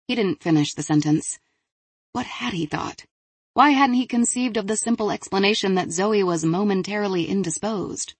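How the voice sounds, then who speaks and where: A woman reading an audiobook as narrator, with measured, even storytelling. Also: mid-range voice, husky, no echo. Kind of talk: scripted narration.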